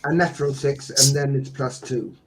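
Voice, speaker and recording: A man's voice: medium pitch, fairly even intonation, normal speed. A man casually playing a tabletop game. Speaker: player.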